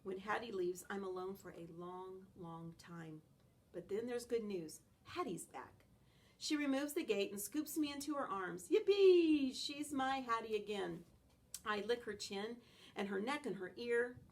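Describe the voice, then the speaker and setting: A woman reading a children's novel aloud in an expressive, animated first-person style. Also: mid-range voice, a little slow. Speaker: audiobook reader.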